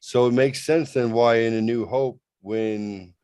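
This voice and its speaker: A man's voice: medium pitch, fairly even intonation, unhurried, darkish tone, clean tone, dry recording, clean studio sound. A man co-hosting a podcast, talking through ideas thoughtfully in casual chat and often restarting his sentences.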